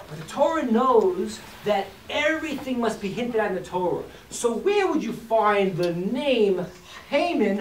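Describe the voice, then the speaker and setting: A teacher giving an informal talk to a live audience, acting out quotes and joking with the room. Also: mid-range voice. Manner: animated, acts out quotes and jokes with the room. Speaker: teacher of a class. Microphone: distant from the mic. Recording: echoey room, distant mic, faint hiss.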